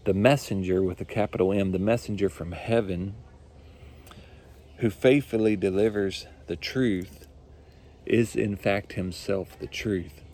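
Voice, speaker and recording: Gravelly, warm-voiced male preacher. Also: lowish voice, fairly even intonation, unhurried. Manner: earnest, repetitive, builds emphasis with rising force. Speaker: pastor. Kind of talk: sermon.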